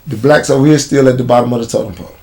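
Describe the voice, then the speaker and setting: Chicago man, mid-pitched voice, blunt street-slang storyteller for an interview guest spot. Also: very fast, mellow. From United States.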